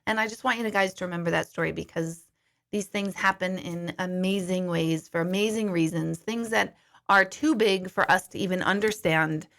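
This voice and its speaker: Middle-aged woman hosting a casual livestream; bright, lively, chatty, a bit profane. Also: lowish voice, moderate pace, gravelly. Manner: chatty, animated, swears casually. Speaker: livestream host, medium. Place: home kitchen.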